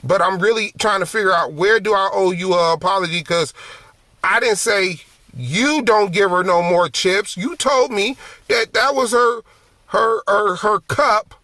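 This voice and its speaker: A man ministering through a personal testimony, telling it in an animated, conversational way and often repeating phrases. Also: sits high, a little slow, no echo.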